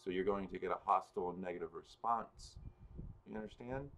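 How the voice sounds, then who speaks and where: A man with a fairly low voice talks loosely to his livestream viewers. He rambles, backtracks and restarts his sentences, chuckling now and then. A faint ambient hiss sits behind him. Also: a little fast, gravelly. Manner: rambling, self-correcting, chuckles often. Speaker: livestream host and spiritual reader. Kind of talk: casual livestream chat answering viewers.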